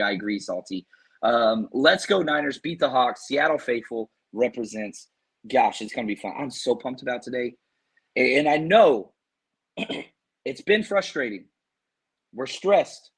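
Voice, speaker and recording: Hyped husky-voiced man hosting. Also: fairly high pitch. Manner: hyped, animated, reads fan super chats. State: losing his voice from screaming. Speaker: podcast host. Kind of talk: excited sports podcast talk.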